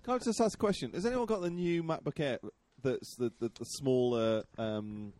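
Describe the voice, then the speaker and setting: A man's voice: mid-range voice, moderate pace, a little mellow. A man co-hosting a casual podcast, asking rambling questions. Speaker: podcast co-host. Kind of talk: casual chat.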